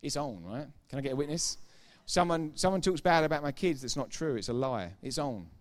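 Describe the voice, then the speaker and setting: A middle-aged pastor preaches emphatically and informally, repeating key phrases for effect and adding chatty asides to the congregation. He speaks briskly in an expressive voice on the high side.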